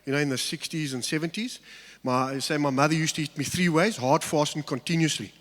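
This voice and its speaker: A man's voice: a little high, fairly quick, a bit bright. A middle-aged man preaching a sermon, telling stories with humor and acting out asides. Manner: humorous storytelling with acted-out asides. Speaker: pastor. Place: church hall. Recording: long reverb of a church hall.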